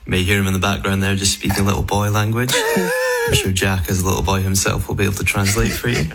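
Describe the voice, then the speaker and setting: A Scottish man from Scotland leaving a jokey voice message for a show, telling a made-up fact in a deadpan way. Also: sits low, fast talker, vocal fry, a little hiss or hum. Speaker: listener calling in. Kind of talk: recorded voice message.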